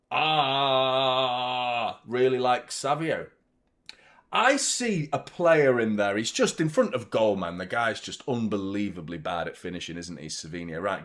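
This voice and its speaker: A man's voice: mid-range voice, fairly bright tone. A man hosting a football fan channel, chatting live during a watchalong in a rambling, exasperated way and swearing casually.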